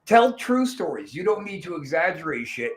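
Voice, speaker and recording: A brash man hosting a podcast, throwing profane, mock-boastful jabs at his guests. His voice sits slightly high for a man. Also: sing-song, normal speed. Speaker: podcast host.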